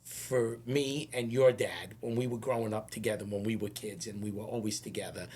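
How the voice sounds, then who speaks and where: A man hosts a casual podcast interview in a husky voice. He rambles and repeats words, and he slows down to stress what matters. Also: fairly low pitch, steady tone, darkish tone. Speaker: podcast host.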